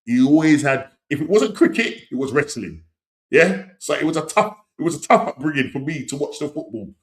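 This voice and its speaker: A middle-aged man hosting a casual live-stream chat, rambling and leaning on "you know what I mean", with sudden excited outbursts. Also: fairly high pitch, a little fast. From England. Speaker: podcast host.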